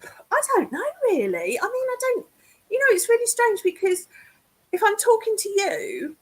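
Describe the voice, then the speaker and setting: A woman's voice: very high-pitched, huge pitch swings, normal speed. A woman from England, a guest psychic medium chatting casually over a video call, laughing often and self-deprecating.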